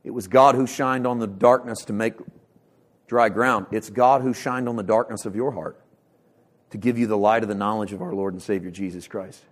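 A male pastor delivering a sermon with passion, swinging from loud bursts to hushed lines and repeating words as he builds emphasis. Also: lowish voice, steady tone, normal speed. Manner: impassioned preaching with sharp swings from loud to hushed.

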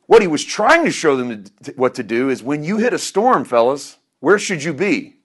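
A middle-aged man preaching a sermon, swinging between loud emphatic lines and quiet asides, chuckling at himself now and then. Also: fairly high pitch, sing-song, normal speed. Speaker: pastor.

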